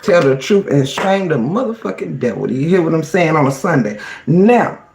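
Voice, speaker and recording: Sassy, high-voiced man in an echoey room. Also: lively intonation, moderate pace, creaky, a little mellow. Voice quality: sassy, emphatic, calls listeners honey and girl. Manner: reads chat aloud and greets viewers. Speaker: livestream host. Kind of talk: casual livestream commentary.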